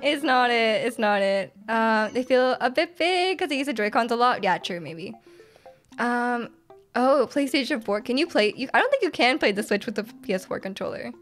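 A high-pitched woman streams a game live, cheering and laughing as she plays and reads out chat messages. Faint game music plays behind her voice. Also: normal speed. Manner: excitable, reads chat aloud, laughs often.

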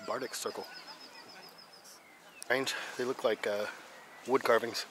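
A medium-pitched man takes his time, speaking in a steady tone with an American Midwest accent as he vlogs on town streets and a hilltop. He rambles, uses fillers, corrects himself, and sounds tired and winded from climbing. Traffic and street sounds run underneath.

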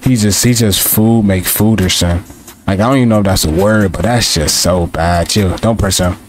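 A man's voice: sits low, normal speed. A young man giving live commentary over his own video game, frustrated and repeating himself as he talks to his players and his viewers. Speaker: gaming streamer.

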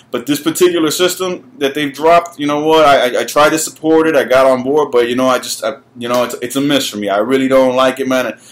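A man who runs a gaming channel, ranting to camera in a heated, profane way and repeating his words when he gets worked up. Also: medium pitch. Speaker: gaming YouTuber. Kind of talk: ranting vlog.

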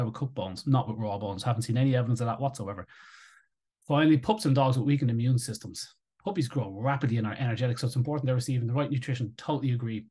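A man giving live commentary as he reads through an article, rebutting it in an animated, sarcastic and indignant way. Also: mid-range voice. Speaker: raw-feeding advocate commentator.

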